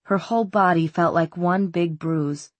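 Breathy, low-voiced woman narrator. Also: dry recording. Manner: measured, steady storytelling. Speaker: audiobook narrator. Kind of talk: scripted narration.

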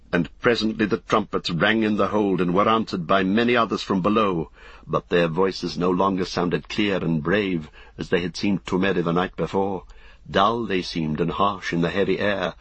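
Low-pitched, husky man, measured solemn storytelling, dry muffled recording. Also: steady tone, fairly bright tone, dry recording. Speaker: audiobook narrator. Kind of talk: scripted narration.

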